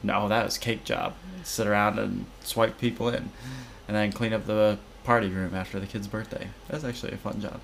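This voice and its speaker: A man's voice: on the low side, flat delivery, brisk, gravelly, fairly bright tone, slight background noise. A man co-hosting a podcast in casual chat, laid-back and teasing, laughing often. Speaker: podcast co-host.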